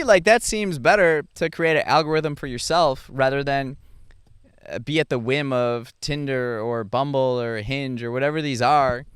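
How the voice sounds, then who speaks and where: Young guy rambling on his podcast, lots of ums and restarts, smooth voice, dry close sound. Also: medium pitch, dry recording. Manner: rambling, halting, with many fillers and restarts. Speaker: podcast host. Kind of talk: casual reflective monologue.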